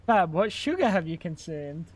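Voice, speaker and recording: A man's voice: a little high, very animated, normal speed. A young man live-streaming a game, chatting casually and bantering with chat while swearing freely.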